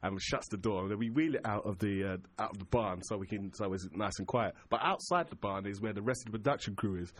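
A man's voice: lowish voice, fast, few pauses, husky. A man telling a funny story in a casual chat, acting out the voices of the people in it and often breaking into laughter. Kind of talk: casual anecdote.

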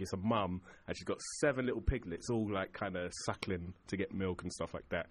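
A man's voice: low voice, fairly quick. A man telling a funny story in a casual chat, acting out the voices of the people in it and often breaking into laughter. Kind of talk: casual anecdote.

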